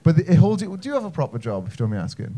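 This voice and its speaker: A young North Welsh man working a comedy club crowd with cheeky, self-mocking banter. His voice sits a little high for a man, and he chats to the audience between jokes in an easy stand-up rhythm. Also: very animated, rapid-fire, mellow. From Wales. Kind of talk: stand-up set with crowd work.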